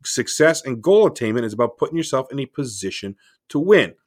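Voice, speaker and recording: A man's voice: medium pitch, big pitch swings, brisk. A middle-aged man hosting a solo podcast, talking in a rambling, conversational way and often asking "right?". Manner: rambling with restarts. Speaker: podcast host.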